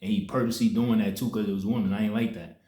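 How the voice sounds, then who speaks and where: Low-voiced man storytelling in an echoey room. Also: steady tone, very fast, warm tone. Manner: loose street slang, rambling retelling with many restarts. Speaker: spiritual content creator. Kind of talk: casual spoken storytelling.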